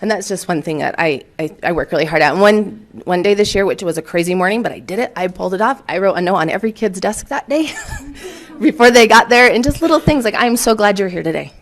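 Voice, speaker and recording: A woman in her forties, a teacher, gives a conference presentation in a chatty, warm manner. Her mid-range voice is expressive and quick, with frequent laughter and lots of fillers.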